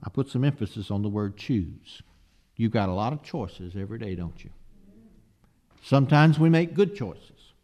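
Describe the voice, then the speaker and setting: A man's voice: lowish voice, lively intonation, moderate pace, mellow. A man preaching a sermon, emphatic and asking the listeners rhetorical questions.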